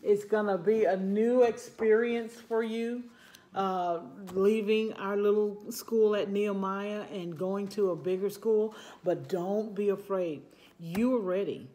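A woman preschool teacher speaking gently and encouragingly to her class as she says goodbye. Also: mid-range voice, fairly even intonation, takes it slowly. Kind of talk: farewell talk to a preschool class.

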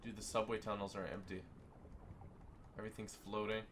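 A young man giving excited commentary while playing a video game, often breaking into loud bursts of surprise. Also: lowish voice, brisk, a little hiss or hum. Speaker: gaming YouTuber.

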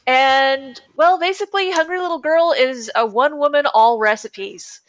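A woman hosting a live podcast stream in a very high voice, quick to giggle and cheer. She introduces each reading in a relaxed, chatty way. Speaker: podcast host. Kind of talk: casual livestream chat.

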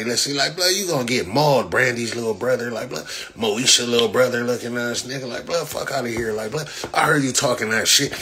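Boxer guy ranting on his live, cussing nonstop, sharp bright voice. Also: medium pitch. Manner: profane trash talk, repetitive slang fillers. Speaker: boxer livestreaming after a fight. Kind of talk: casual livestream rant.

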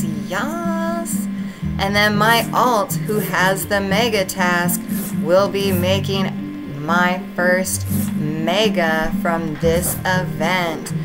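Woman gaming host, excitable, slow-paced delivery, background music. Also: mid-range voice, low-quality recording. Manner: gushing, excitable, keeps addressing "you guys". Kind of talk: casual game commentary to viewers.

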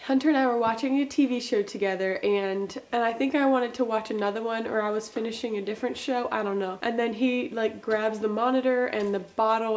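A young woman vlogging in a chatty, rambling way, acting out little scenes as she tells them. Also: medium pitch. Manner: chatty, rambling, animated retelling. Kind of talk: casual chat.

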